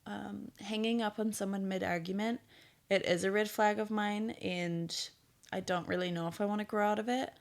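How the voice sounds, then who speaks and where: A woman's voice: medium pitch, steady tone, normal speed, vocal fry. A woman in her thirties hosting a casual solo podcast, chatty and blunt, swearing freely and laughing at herself. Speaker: podcast host.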